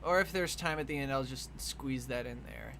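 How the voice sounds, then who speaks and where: Bright-voiced man chatting on stream. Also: mid-range voice, normal speed, vocal fry, slight background noise. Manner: rambling, jokey, with sudden excited outbursts. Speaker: streamer and artist. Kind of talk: casual live-stream chat while drawing.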